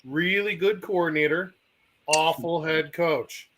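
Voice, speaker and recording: Higher-voiced man with dry jokes. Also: slow, fairly bright tone, slight background noise, poor audio. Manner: dry, joking asides. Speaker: podcast panelist. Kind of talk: casual chat.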